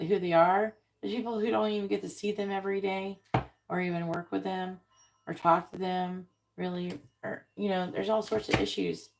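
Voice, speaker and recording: A woman doing a live tarot reading, softly repeating card draws and talking bluntly between them, with occasional swearing. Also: medium pitch, a little hiss or hum. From Florida, United States. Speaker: tarot reader.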